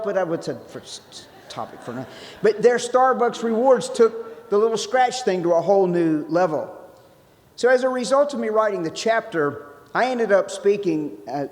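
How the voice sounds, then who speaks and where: A man's voice: high voice, lively intonation, fairly quick. A man giving a conversational sermon-style talk as a guest speaker, restarting phrases and adding joking asides. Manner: conversational, self-interrupting, jokey asides. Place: church sanctuary. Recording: long hall reverb.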